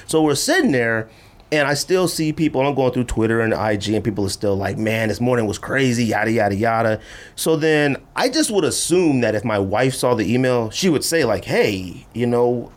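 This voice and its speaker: A man hosting a casual podcast, telling a long story in an animated way and acting out the voices he quotes. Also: normal speed. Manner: animated, acts out quoted voices with big pitch jumps. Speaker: podcast host.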